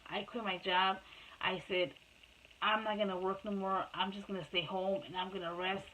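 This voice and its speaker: A woman's voice: mid-range voice, steady tone, normal speed, a bit bright, a little hiss or hum, rough recording. A woman and mother telling her own life story to camera in a casual, rambling way, repeating herself and restarting often. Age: adult mother.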